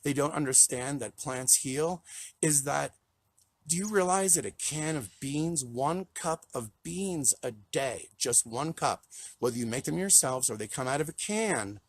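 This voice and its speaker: Brief: tearful, earnest man on a live stream, gravelly and husky, rambling and choked up. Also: a little high, lively intonation, unhurried, a bit bright, no echo. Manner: earnest, rambling, repeats himself when moved. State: choked up, near tears. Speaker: plant-based chef and counselor. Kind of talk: emotional live-stream talk to followers. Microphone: live video call.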